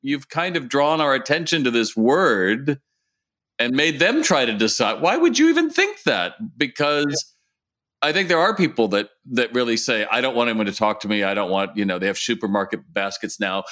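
A man's voice: mid-range voice, normal speed, sharp tone. A man hosting a podcast, musing in casual conversation with his guest. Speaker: podcast host. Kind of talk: casual interview chat.

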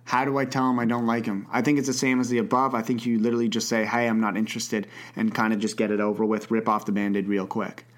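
A man's voice: fairly low pitch, level tone, quick pace, hardly any pauses. Stammering young male podcast host. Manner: hesitant, stammering restarts. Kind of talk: casual advice podcast.

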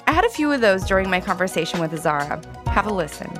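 Young female podcast host, bubbly, quick to laugh, music under the voice. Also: medium pitch, big pitch swings. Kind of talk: casual podcast chat.

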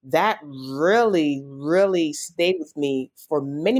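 A guest on an interview show who works as a life coach. The delivery is earnest and reflective, with an even, mid-pitched voice. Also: a little slow, few pauses. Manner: reflective, earnest, spiritual musing. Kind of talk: casual conversational interview.

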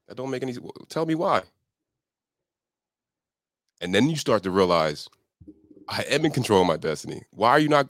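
A man's voice: a bit bright, dry recording, clean studio sound. A man, an accountability coach, talking on a podcast in an emphatic motivational way, acting out his inner voice. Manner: emphatic, acts out his inner voice in pitch jumps. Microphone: studio podcast microphone.

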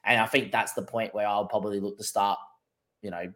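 A man's voice: on the low side, flat delivery, fairly quick, fairly bright tone. Man thinking aloud through team options. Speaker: podcast co-host. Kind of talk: casual fantasy football chat.

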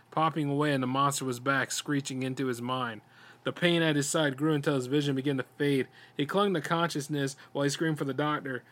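A man, a podcast host, reading a horror story aloud in a steady storytelling voice with small stumbles. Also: a little high.

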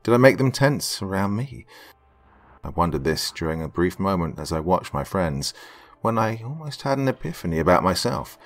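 Deep, animated male storyteller for first-person fiction. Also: normal speed, soft background music. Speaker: narrator.

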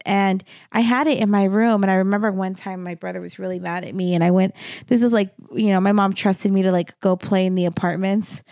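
A woman in her thirties co-hosting a podcast, telling a childhood story in relaxed casual chat with many ums. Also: medium pitch, dry recording, clean studio sound. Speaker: podcast co-host.

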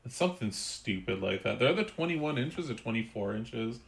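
A man's voice: mid-range voice, animated, fairly quick, gravelly. A man co-hosting a podcast, chatting casually and reading a listener's letter aloud. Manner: laid-back, chatty, swears casually. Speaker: podcast co-host.

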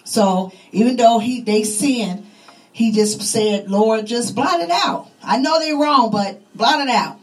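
Fervent high-voiced woman preaching. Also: slow, poor audio. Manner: fervent, repetitive, rising and falling with emphasis. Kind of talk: sermon.

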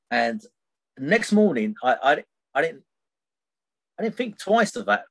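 As a podcast guest, a middle-aged man recounts a personal story at medium pitch, very animated but at a measured pace with long pauses and a slightly bright tone. He wanders, fills gaps with lots of fillers, and keeps ending lines with "right?".

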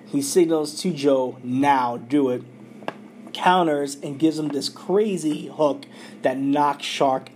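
A man's voice: on the high side, darkish tone, a little hiss or hum. A man hosting a podcast, casually retelling an anime episode with lots of fillers and quoted dialogue. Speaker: podcast host recapping an anime.

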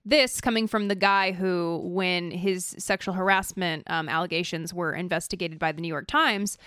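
A female podcast co-host talks through the news in a wry, conversational manner. Her voice is smooth and resonant, recorded dry and close with no room around it. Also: on the low side, fairly even intonation, moderate pace, a bit bright, dry recording. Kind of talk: political commentary chat.

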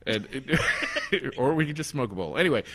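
A man's voice: mid-range voice, very animated, normal speed, pushed and bright, husky. A man hosting a podcast in casual chat, easygoing and often laughing. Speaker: podcast host.

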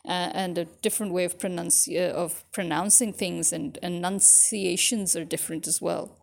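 A woman's voice: fairly low pitch, fairly even intonation, moderate pace, gravelly. A woman vlogger talking casually to her viewers, musing aloud and asking them questions. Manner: chatty, musing, asks the audience.

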